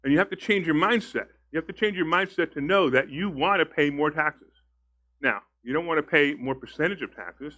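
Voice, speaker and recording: A man's voice: a little high, brisk, bright, forceful tone. A man teaching a live investing seminar, telling stories in a chatty way, asking the room questions and acting out both sides of his conversations. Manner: chatty, asks the audience questions. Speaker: real estate investing instructor. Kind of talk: live seminar talk to an audience.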